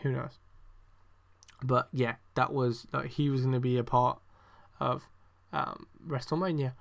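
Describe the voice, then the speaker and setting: A young man's gravelly, mid-range voice holds a steady tone at a measured pace as he hosts a podcast. He reviews wrestling in rambling, casual chat, sarcastic and exasperated, full of curses and ums.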